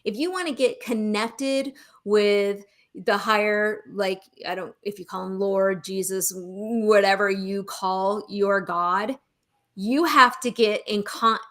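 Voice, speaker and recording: A woman co-hosting a casual spiritual chat, telling stories in a chatty, animated way. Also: medium pitch, slow pace. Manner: chatty storyteller, animated, laughs often. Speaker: show co-host.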